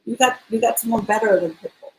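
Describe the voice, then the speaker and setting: A woman's voice: a little high, fast talker, darkish tone, slight background noise. A woman co-hosting a casual chat, teasing her partner and laughing often. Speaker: co-host.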